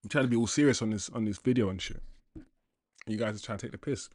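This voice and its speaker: On a casual football livestream, a young man reads out viewer comments with slangy, animated chatter and laughter. He talks fast in a fairly low voice, and the recording is dry and studio quality.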